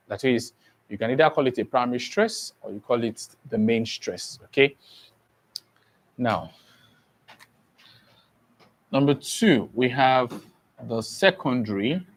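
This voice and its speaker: A man teaching a class for an exam, who repeats key phrases and keeps checking that students follow. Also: medium pitch. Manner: repetitive, checks understanding often. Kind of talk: exam prep lesson.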